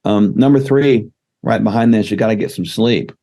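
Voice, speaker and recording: A man's voice: on the low side, normal speed, gravelly, warm tone. A man speaking as a podcast guest, laying out numbered health advice in an emphatic coaching tone. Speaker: guest doctor. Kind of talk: casual podcast interview.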